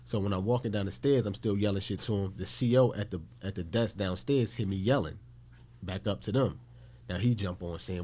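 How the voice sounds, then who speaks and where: Guy from newark telling a story, low voice, kinda mellow, cusses a lot, acts out the people he quotes. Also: a little fast. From Newark, New Jersey. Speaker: podcast guest. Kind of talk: casual storytelling.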